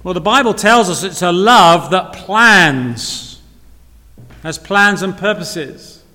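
High, bright-voiced man preaching in a hall. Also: animated, slow. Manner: earnest, repeats phrases, asks rhetorical questions. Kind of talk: sermon. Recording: long reverb of a hall.

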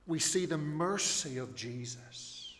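A man's voice: a little high, animated, takes it slowly, fairly bright tone, a little hiss or hum. A man preaching a sermon, earnest and emphatic, rising on his key phrases. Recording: long hall reverb.

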